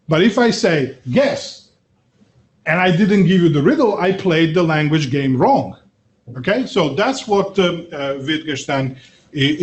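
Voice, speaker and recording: A middle-aged man giving a university lecture, often checking in with "okay?" and "right?" and pausing on filler sounds. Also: a little high. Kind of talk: classroom lecture.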